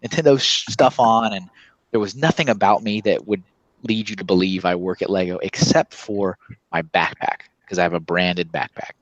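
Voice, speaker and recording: A man telling a story in casual chat, animated and acting out what people said. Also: low-pitched, moderate pace, no room sound, low-quality recording. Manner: animated storytelling, acts out quotes with laughs.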